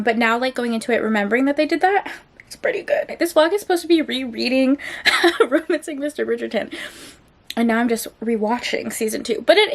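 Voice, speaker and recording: Young woman rambling in a vlog, kinda high voice, chatty and animated, laughs a lot. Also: slight background noise. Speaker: book vlogger. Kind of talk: casual vlog chat.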